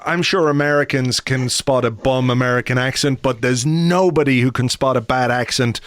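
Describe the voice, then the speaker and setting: Man, podcast host, casual chat, filler-heavy, middle pitch, dry close mic. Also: moderate pace, dry recording. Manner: relaxed, chatty, many fillers.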